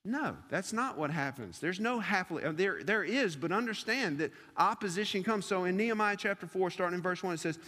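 A man with a fairly high voice preaches to his congregation, hammering points through repetition and pointed rhetorical questions. His words ring out with a long reverb tail from a large worship space. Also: animated, brisk, few pauses, bright, forceful tone. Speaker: pastor. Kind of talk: sermon. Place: church service before a congregation.

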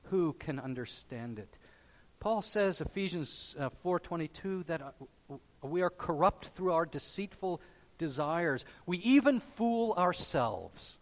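A male pastor delivers a sermon in a slightly high voice. He pushes loudly on his main points, then drops low and soft. The long reverb of a large hall trails behind every phrase. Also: animated, unhurried. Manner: emphatic preaching, swinging between loud stresses and quiet drops.

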